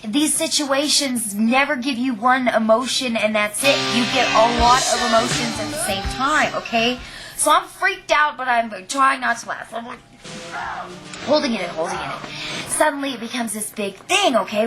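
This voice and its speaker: A woman's voice: a little high, moderate pace, over music. A young woman telling a funny personal story in a casual vlog, acting it out dramatically and often checking in with "okay?". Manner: animated, dramatic retelling with lots of "like" and "okay?". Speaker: vlogger.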